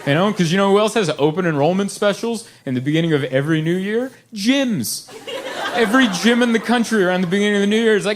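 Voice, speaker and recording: Animated male stand-up comic. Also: quick pace. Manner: animated storytelling, acts out high squealy quotes. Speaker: stand-up comedian. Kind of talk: stand-up comedy set. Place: comedy club stage with audience. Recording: live club recording with audience laughter and background noise.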